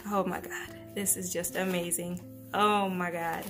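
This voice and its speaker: A woman vlogger talks excitedly and gushes, breaking off sentences and starting over. She keeps her voice low at home, sometimes nearly whispering, in a mid-pitched voice with faint music behind her. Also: slow. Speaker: planner vlogger. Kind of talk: casual unboxing chat. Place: at home beside a napping baby.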